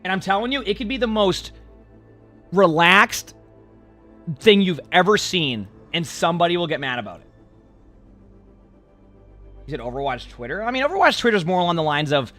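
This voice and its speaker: A man streaming, chatting casually with his live chat in an animated, sarcastic, rambling way. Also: fairly high pitch, brisk, pauses often, soft background music. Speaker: game streamer.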